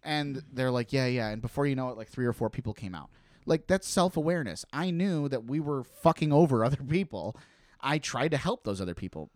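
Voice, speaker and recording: A man's voice: medium pitch, a little fast, dry recording, clean studio sound. A man, telling profane stories in casual podcast chat and acting out the people in them. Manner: profane, animated, acts out voices of people in his stories. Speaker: podcast co-host.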